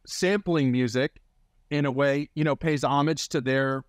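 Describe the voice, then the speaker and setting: A man hosting an interview, telling stories quickly and eagerly and laughing often. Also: mid-range voice, steady tone, no room sound, studio quality. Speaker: host. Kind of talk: casual interview chat.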